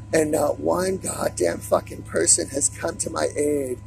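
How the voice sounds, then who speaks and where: A man vlogging an agitated, profanity-laden monologue to camera in a raspy voice. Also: a little high, a little mellow, low-quality recording.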